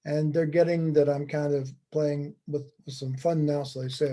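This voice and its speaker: A man gives a relaxed lecture with slides and jokes, threading deadpan humor through his points at a moderate pace with few pauses. His voice is a little high for a man but deeply mellow and dark in tone, and his manner stays conversational and wry.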